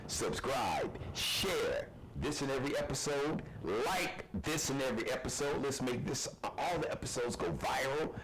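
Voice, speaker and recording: A man's voice: mid-range voice, expressive, normal speed, hardly any pauses, fairly bright tone, slight background noise, rough recording. A man hosting a live online talk show, delivering a passionate, preachy monologue. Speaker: host.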